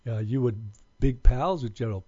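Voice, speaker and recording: A man with a mid-range voice hosts a radio show, chatting and joking with callers at a moderate pace in relaxed, easygoing banter. There's no echo, but the radio audio is dull and lo-fi.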